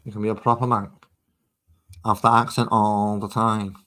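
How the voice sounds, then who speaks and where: Lower-voiced Mancunian man chatting on stream. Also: flat delivery, normal speed, a bit bright. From Manchester, England. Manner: rambling and chatty while working. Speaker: miniature painting streamer. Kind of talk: casual live-stream chat.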